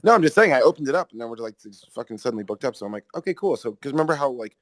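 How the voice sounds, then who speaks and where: A man hosting a podcast in casual chat, rambling and excitable, swearing freely. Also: medium pitch, very fast, dry recording. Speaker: podcast host.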